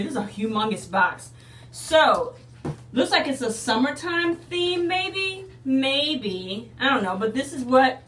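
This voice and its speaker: A woman's voice: fairly high pitch, reverberant, distant mic, a little hiss or hum. A woman in a casual unboxing video, chatting to her viewers and calling them y'all. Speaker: unboxing vlogger.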